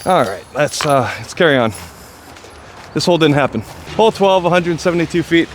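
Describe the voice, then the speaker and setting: A man vlogging his disc golf round outdoors, chatting casually and getting excited and self-deprecating over his throws. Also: on the high side, brisk, slight background noise. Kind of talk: casual play-by-play commentary.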